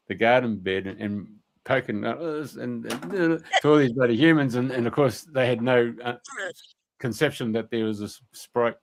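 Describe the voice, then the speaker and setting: A middle-aged man, a radio guest, telling a story in a colloquial, rambling way, with many fillers and mild swearing. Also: medium pitch.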